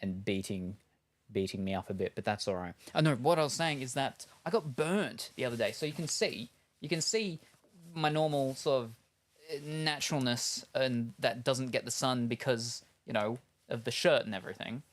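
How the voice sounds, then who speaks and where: A man's voice: medium pitch, normal speed. Chatty rambling man unboxing on stream. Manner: rambling, chuckles often between remarks. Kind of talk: casual live-stream chat. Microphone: headset.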